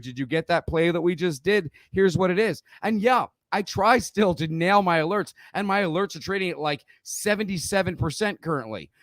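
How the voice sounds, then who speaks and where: A man's voice: sits high, no echo. A middle-aged man teaching trading in a casual spoken lesson, blunt and profane, often checking in with "okay?". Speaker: trading educator.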